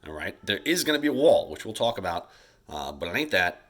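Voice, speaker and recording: A male teacher giving a casual recorded history lecture over slides, chatty and loose, talking straight to his students and acting out leaders in quick bits. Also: deep voice, very animated, fairly bright tone. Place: home, recording alone during school shutdown.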